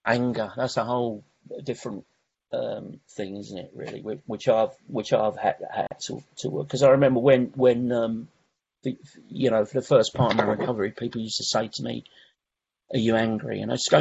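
A man's voice: mid-range voice, steady tone, brisk, vocal fry, darkish tone, breathy edge, muffled recording. A man sharing his recovery story at a meeting, rambling, with many restarts and "you know"s. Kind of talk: personal recovery share.

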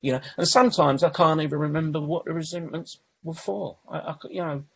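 A man's voice: fairly high pitch, fairly even intonation, fairly quick, vocal fry, husky, muffled recording. A man sharing his recovery story at a meeting, rambling, with many restarts and "you know"s. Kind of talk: personal recovery share.

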